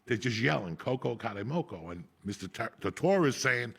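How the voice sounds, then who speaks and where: A raspy, gravelly man tells school stories full of swearing. His voice is husky and he often cracks up mid-story in a loose podcast chat. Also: on the low side, fairly quick, hardly any pauses. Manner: raspy, profane, animated, breaks into laughter. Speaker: podcast host. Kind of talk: profane casual storytelling.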